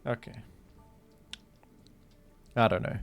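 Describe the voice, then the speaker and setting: In a dry recording, a man talks slowly while hosting a gaming video. It's loose, rambling play commentary, full of joking disbelief.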